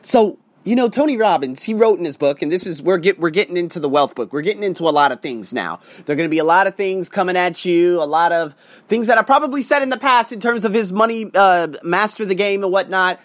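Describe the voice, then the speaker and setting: A man's voice: sits high, lively intonation, no echo. Rambling man giving money advice. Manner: rambling, conversational, emphatic slowdowns. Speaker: motivational vlogger. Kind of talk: casual talk to camera.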